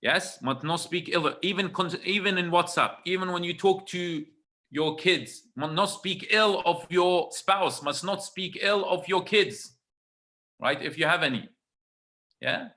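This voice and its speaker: A webinar speaker with a high, bright, forceful voice delivers a religious talk over a video call at an unhurried pace. He is emphatic and repetitive, repeating phrases and checking in with listeners by asking "right?"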